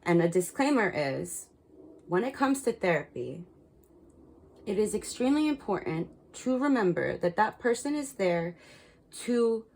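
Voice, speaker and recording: A woman's voice: medium pitch, big pitch swings, a little slow, darkish tone, rough recording. A woman reading cards and giving frank spiritual advice to her viewers, swearing freely and repeating words for emphasis. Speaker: tarot card reader. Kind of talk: casual spiritual guidance to camera.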